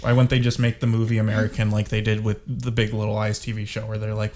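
A man's voice: lowish voice, flat delivery, quick pace, a little mellow. A man in a casual chat about a movie, ranting and sarcastic, with exasperated complaints and running asides. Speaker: co-host discussing a movie.

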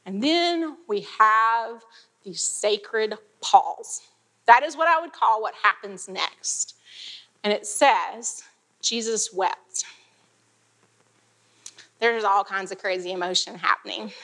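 A woman's voice: medium pitch, slow, a bit bright. A woman teaching a Bible passage in a chatty, casual way, laughing and using frequent fillers.

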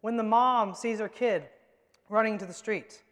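Man, pastor, emphatic sermon, high voice, echoing church hall. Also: a little slow. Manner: emphatic preaching, swings from loud to hushed. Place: church sanctuary. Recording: long hall reverb.

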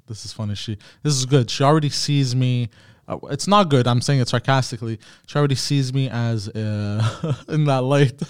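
A man's voice: medium pitch, no room sound, studio quality. Profane man telling a story. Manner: profane, animated storyteller with many fillers. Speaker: podcast host. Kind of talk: casual storytelling monologue.

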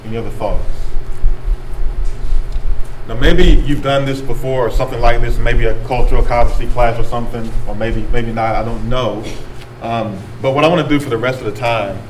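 A man's voice: mid-range voice, steady tone, brisk. A man leading a discussion with an audience in a meeting room. He talks casually, often repeating back what people say. He is picked up from a distance in an echoey room with faint background hiss. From rural North Carolina. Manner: conversational, repeats and reflects back answers. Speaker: speaker leading a group workshop.

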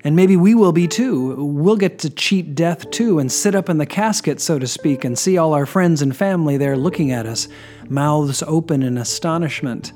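A man preaching a sermon in a relaxed, conversational storytelling way, reflective and questioning. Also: fairly high pitch, normal speed, soft background music.

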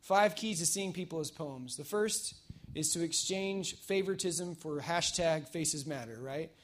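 A man preaching a casual, energetic sermon at a church service, telling stories in a chatty way with fillers. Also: fairly high pitch, measured pace, a little hiss or hum. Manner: energetic, conversational storytelling with fillers. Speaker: pastor.

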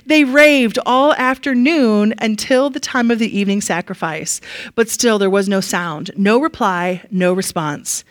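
A woman giving a casual, animated Bible lesson. She is chatty, laughs often and leans on fillers. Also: mid-range voice, a little slow, no room sound, studio quality. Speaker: Bible teacher.

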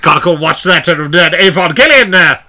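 A man's voice: a little high, lively intonation, normal speed, sharp tone, pitched above the performer's own voice. A man putting on an exaggerated, drawling old-timey voice as a joke impression. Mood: goofy. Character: hammy old-timey man doing a Nixon-style impression.

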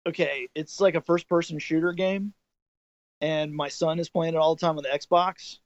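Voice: mid-range voice, steady tone, moderate pace, no echo. A middle-aged podcast co-host telling rambling anecdotes in casual chat, with plenty of restarts. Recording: dull lo-fi dry sound.

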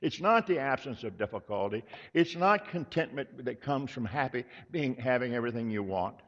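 A man preaching a sermon as pastor, earnest and measured, repeating key words for emphasis. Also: mid-range voice, expressive, fairly bright tone. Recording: dull lo-fi sound with long hall reverb.

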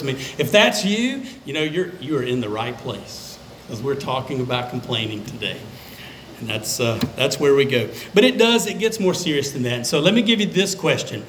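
A man preaching a sermon as a pastor, conversational and emphatic, with dramatic pauses. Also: a little high, animated, fairly bright tone, a little hiss or hum, poor audio. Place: church sanctuary.

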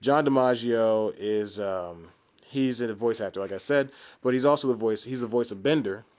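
With a fairly low, slightly mellow voice at a moderate pace, a man in his twenties rambles through his solo podcast. He pokes fun at himself, laughs a lot, and keeps restarting and going off on tangents.

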